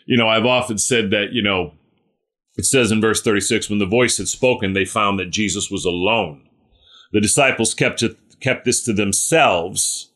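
A man's voice: lowish voice, a bit bright. A man leading a small-group Bible study, earnest and conversational, often checking in with his listeners.

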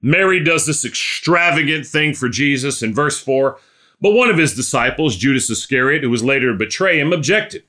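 A man's voice: mid-range voice, lively intonation, normal speed, pushed and bright. A man preaching a sermon, telling a story and building to emphatic exhortation.

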